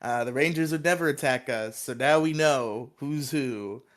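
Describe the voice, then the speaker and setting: A man's voice: medium pitch, moderate pace, a bit bright, natural voice. A man voicing a brainy teen hero in a podcast recap, cocky and annoyed. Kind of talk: paraphrased quote in a recap.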